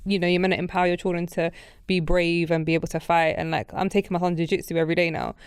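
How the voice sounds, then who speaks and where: A woman's voice: fairly low pitch, steady tone, fast, clean tone, dry recording, clean studio sound. A woman hosting a podcast, asking reflective questions in a casual interview. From United Kingdom. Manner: thoughtful, reflective questioning with fillers. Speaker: podcast host.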